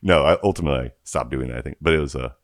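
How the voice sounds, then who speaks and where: A man with a deep, low voice tells stories on a casual podcast. He is animated, acts out the people he quotes and laughs between lines. The sound is dry and close. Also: very fast, dry recording. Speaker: podcast co-host. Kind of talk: casual chat, storytelling.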